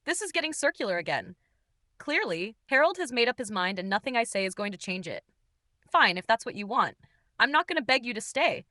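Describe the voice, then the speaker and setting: A woman's voice: on the high side, sing-song, a little fast, sharp tone, no room sound, studio quality. A woman narrating a story in the first person, in a cool and dismissive manner.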